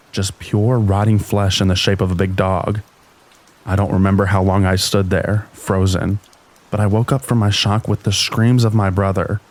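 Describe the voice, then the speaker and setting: Scary stories are narrated from a script by a man with a deep voice, who keeps his delivery slow and even.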